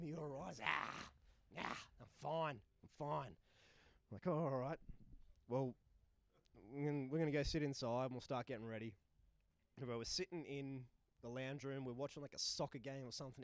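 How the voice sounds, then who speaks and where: Guy in his twenties, mid-pitched voice, dry close sound, swears and shouts punchlines while he tells the story. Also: dry recording. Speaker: touring musician guest. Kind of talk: animated storytelling. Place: live recording in a bar.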